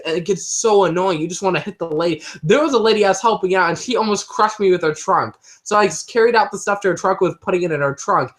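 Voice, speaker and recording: A young livestream co-host with a high-pitched, slightly bright voice chats casually at a quick clip with few pauses. He tells rambling, self-deprecating stories about his work.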